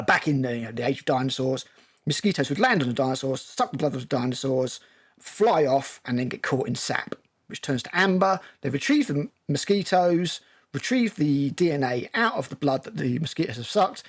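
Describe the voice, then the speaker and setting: A man's voice: a little high, lively intonation, fairly quick. A man with a British accent hosting a casual film discussion, recapping scenes at length with many ums and restarts. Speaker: film review host.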